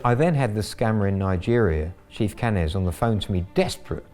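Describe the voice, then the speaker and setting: Fields: man, wry storyteller, low voice. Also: expressive, fairly quick, a little mellow, soft background music. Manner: wry, gleeful anecdotal telling. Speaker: scambaiter. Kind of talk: documentary storytelling.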